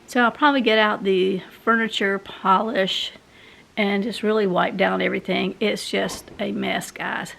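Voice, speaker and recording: Chatty woman with gravelly voice. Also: mid-range voice, steady tone, moderate pace, fairly bright tone. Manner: chatty, rambling, talks to viewers directly. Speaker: vlogger. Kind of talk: casual home vlog chat. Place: home, indoors.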